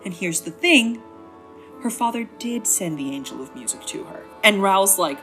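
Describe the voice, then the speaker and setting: A woman's voice: medium pitch, animated, normal speed, a bit bright, faint music behind. A woman hosting a comedic book synopsis, narrating in a wry, chatty, slangy way. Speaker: host.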